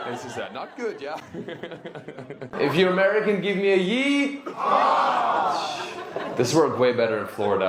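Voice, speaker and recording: A German stand-up comedian with a German accent, working the crowd with brash, punchy delivery on a club stage. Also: male voice, fairly high pitch, roomy sound, very noisy. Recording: live club audio with loud crowd.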